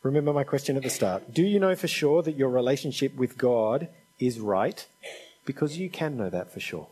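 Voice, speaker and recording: A man's voice: medium pitch, animated, moderate pace, warm tone, slightly rough, poor audio. A man preaching a sermon in an earnest, conversational and pleading manner.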